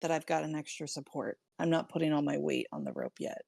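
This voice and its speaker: A woman playing a tabletop game, calmly explaining what her character does. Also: low-pitched, fast talker, gravelly, no room sound, clean studio sound. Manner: matter-of-fact, explaining her moves. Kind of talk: casual chat.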